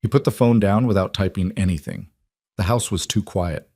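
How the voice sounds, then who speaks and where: Low-voiced man narrating a story. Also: normal speed, dark tone, no room sound, clean studio sound. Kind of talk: scripted narration.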